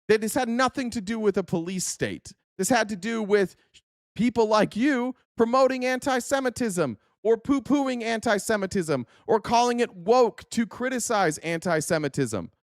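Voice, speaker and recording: A man with a notably high speaking voice launches into a furious, profane political rant, hurling insults at the clips he reacts to. The sound is dry and close, with hardly any room around it. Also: lively intonation, moderate pace, dry recording. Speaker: podcast host.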